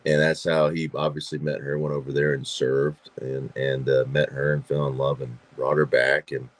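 Very deep-voiced man telling stories. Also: little pitch movement, moderate pace. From Georgia, USA. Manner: chatty storyteller, frequent fillers and repeats. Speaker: podcast guest, actor and filmmaker. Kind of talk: casual interview chat.

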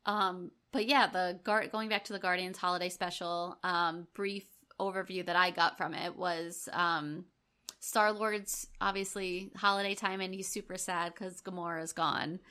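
A woman co-hosting a casual podcast chat, upbeat with quick short replies. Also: fairly low pitch, steady tone, pushed and bright, smooth. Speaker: podcast co-host.

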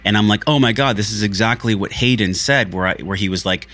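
A man's voice: lowish voice, quick pace, hardly any pauses, a bit bright, faint music behind. A man hosting a podcast, talking earnestly and candidly about a spiritual journey, with frequent swearing. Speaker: podcast host. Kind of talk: candid reflective monologue.

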